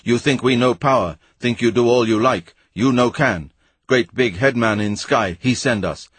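A man's voice: medium pitch, big pitch swings, slow, husky, no room sound, exaggerated voice. A man voicing a pompous, blustering male scientist who barks broken pidgin at the locals in a storybook reading. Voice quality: loud, barking, condescending.

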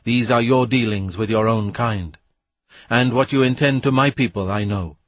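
A man voicing an ancient, commanding spirit, speaking slowly and solemnly. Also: mid-range voice, dry recording, lightly acted. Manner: slow, solemn, measured.

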